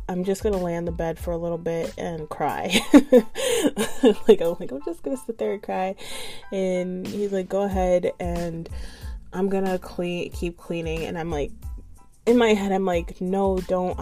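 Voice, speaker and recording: Swearing mom venting a storytime. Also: female voice, on the low side. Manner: profane, animated, laughs often. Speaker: vlogger. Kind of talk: casual storytime monologue.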